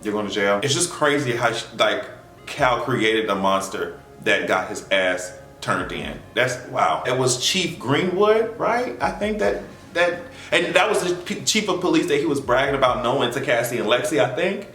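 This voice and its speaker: Male vlogger, casual recap, cussing and animated; bright tone, roomy echo. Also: mid-range voice, normal speed. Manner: animated, profane storytelling with acted reactions. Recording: echoey room with faint music.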